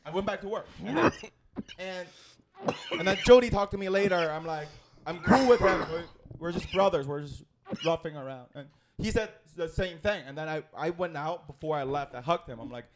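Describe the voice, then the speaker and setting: Telling a story as a comedian guest, a young man from China speaks fairly quickly with a voice on the high side. Chinese is his first language, and his casual talk is animated and profane, with frequent restarts.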